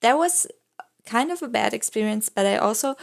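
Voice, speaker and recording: Young woman, YouTuber, casual chatty voice-over, fry-heavy voice, rambling, giggly, excitable. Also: fairly high pitch, moderate pace. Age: young adult. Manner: rambling, full of "like" and "I don't know". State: throat a bit rough.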